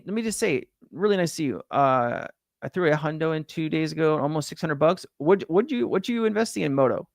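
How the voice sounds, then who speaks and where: A man hosting a casual livestream, talking in a loose, rambling way full of "uh"s, restarts and the odd curse. His voice sits a bit higher than most men's. The sound is close and dry, with no room echo. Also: vocal fry. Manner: rambling, filler-heavy, profane; reads out and greets chat viewers. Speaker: crypto livestream host.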